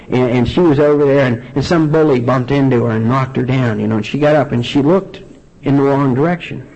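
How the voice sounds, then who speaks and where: A man speaking earnestly at a recovery meeting, sharing a personal testimony with many halting restarts. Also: mid-range voice, vocal fry, a little mellow. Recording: dull lo-fi recording.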